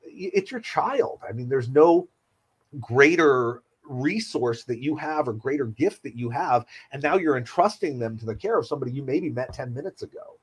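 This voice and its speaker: A middle-aged man, a children's surgeon, speaking in an earnest, measured and reassuring way in a conversation. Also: mid-range voice, expressive, slightly rough, poor audio. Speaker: pediatric surgeon. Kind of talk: podcast conversation.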